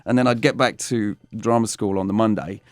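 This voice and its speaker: A man's voice: on the low side, fairly quick, no echo. A man from Essex, England, with an Essex English accent, an actor telling stories as a guest and slipping into voices. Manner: animated storyteller, slips into voices. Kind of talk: casual interview chat.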